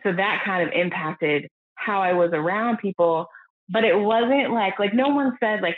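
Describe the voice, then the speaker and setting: Unhurried and medium-pitched, this American woman speaks earnestly and reflectively as a guest on a candid podcast, sometimes dropping her voice to quote people. The audio is thin and phone-like, dry with no echo or room around it.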